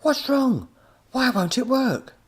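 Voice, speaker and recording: A man voicing an excitable young boy hero who shouts with breathless urgency in a storybook. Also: very high-pitched, takes it slowly, slightly rough, voice pushed up, heavily acted. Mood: desperate.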